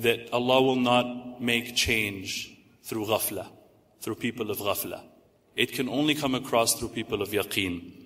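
A man giving a religious lecture as a preacher, speaking rhetorically, slowing down to stress points and mixing in Arabic terms. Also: medium pitch, a bit bright, big-room sound. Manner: rhetorical, slows down for emphasis, sprinkles Arabic terms. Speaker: Muslim preacher.

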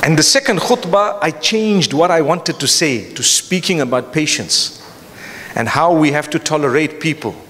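A man's voice: fairly high pitch, expressive, moderate pace, fairly bright tone, long reverb tail, a little hiss or hum. A man preaching a lecture to a live audience, emphatic, with rhetorical questions and repetition. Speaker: Islamic preacher. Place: large hall before an audience.

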